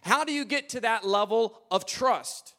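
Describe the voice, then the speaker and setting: A man preaching a sermon, moving between quiet, low asides and loud, emphatic declarations, often repeating and restarting his phrases. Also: a little slow.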